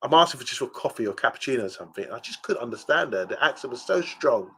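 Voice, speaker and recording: A man's voice: medium pitch, expressive, very fast, pushed and bright, breathy edge. A man co-hosting a casual podcast chat, telling rambling stories full of fillers. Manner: chatty storyteller, rambling with fillers. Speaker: podcast co-host.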